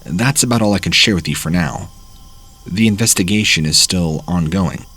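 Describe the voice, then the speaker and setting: A man narrating first-person horror stories as the host of a channel, reading in a plain, steady way. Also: low-pitched, moderate pace, slightly rough.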